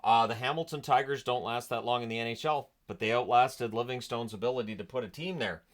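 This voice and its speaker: A man talks through old sports-league history for his own channel, casual and chatty. His tone is sarcastic and amused, full of "uh" and "um" as he goes. His voice sits in an ordinary middle pitch. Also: fast talker. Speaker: hockey history channel host. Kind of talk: casual history storytelling vlog.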